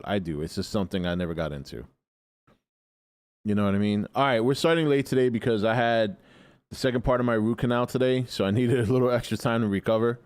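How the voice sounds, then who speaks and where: A man's voice: lowish voice, smooth, no echo. A man hosting a casual live stream in a groggy, just-woken voice, rambling and opinionated as he answers chat and swears freely. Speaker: livestream host.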